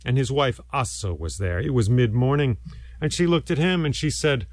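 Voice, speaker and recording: A man's voice: medium pitch, normal speed, no echo. A man telling a folk tale aloud in a rhythmic, repetitive storytelling manner. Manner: animated, rhythmic, repetitive phrasing.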